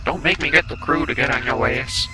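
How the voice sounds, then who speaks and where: A man commentating a horror game he is playing, joking at the screen and breaking into loud startled outbursts. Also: medium pitch, expressive, fairly quick, music in the background. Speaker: gameplay commentator.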